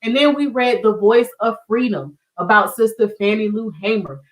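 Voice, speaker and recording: A middle-aged woman with a Southern US accent hosts an online teach-in, chatting to viewers in a warm, encouraging way. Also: fairly high pitch, moderate pace, far from the mic, poor audio. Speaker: online community show host. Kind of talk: casual livestream teaching.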